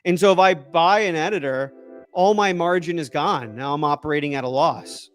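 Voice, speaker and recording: A man chatting casually on a livestream and answering viewer questions, excitable and rambling. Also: a little high, moderate pace, soft background music. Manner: rambling and excitable, trailing off and restarting. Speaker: tech YouTuber answering live chat.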